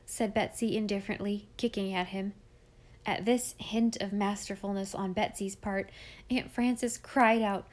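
A woman narrating a classic children's novel aloud in a measured, expressive reading. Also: mid-range voice. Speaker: audiobook reader. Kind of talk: scripted storybook narration.

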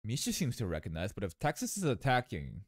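A man hosting an anime reaction video, excitably thinking out loud and laughing often. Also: fairly low pitch, fast talker, music in the background. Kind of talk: live reaction commentary.

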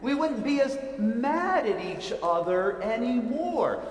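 A man's voice: very high-pitched, very animated, takes it slowly. A man giving a playful children's sermon, asking his listeners lots of questions. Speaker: pastor. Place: church sanctuary. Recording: echoey church hall with long reverb.

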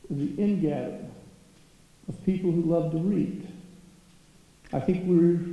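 Slow-talking man in an echoey hall. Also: fairly high pitch, creaky. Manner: self-mocking, comic timing. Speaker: keynote speaker. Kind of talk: humorous storytelling speech. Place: large lecture hall. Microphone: stage microphone. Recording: echoey hall, dull lo-fi sound.

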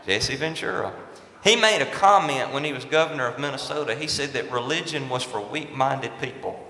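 Preaching from the pulpit, a pastor drives home his key points by stressing and repeating them, his medium-pitched voice bright and forceful at a moderate pace. The large church sanctuary leaves a long, echoing reverb.

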